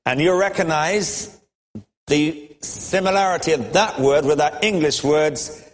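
Man, preacher, sermon, storytelling, wry, slightly high voice, long hall reverb. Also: measured pace.

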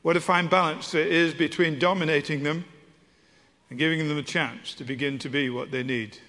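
A man's voice: on the high side, fairly even intonation, normal speed, bright, forceful tone. A man preaching a sermon with humor and stories, stumbling over restarts. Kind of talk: sermon with storytelling. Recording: long hall reverb.

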